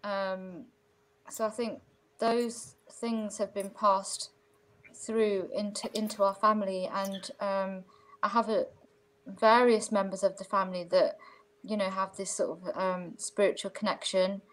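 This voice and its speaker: A woman's voice: mid-range voice, flat delivery, measured pace. Woman guest, casual rambling storyteller, video-call sound. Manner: rambling, many fillers.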